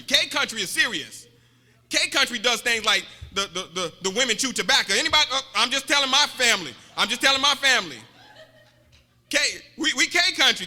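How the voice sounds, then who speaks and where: A man's voice: extremely high pitch, bright, forceful tone. A man preaching a sermon, joking and repeating himself, calling out to the congregation. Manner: joking, repetitive, calls out to the congregation. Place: church. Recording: reverberant church hall.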